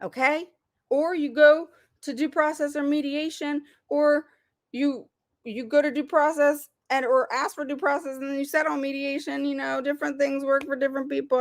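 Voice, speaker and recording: A woman's voice: high voice, creaky. A woman hosting a livestream with advice for parents, speaking emphatically and repeating words for stress. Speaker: parent advocate host.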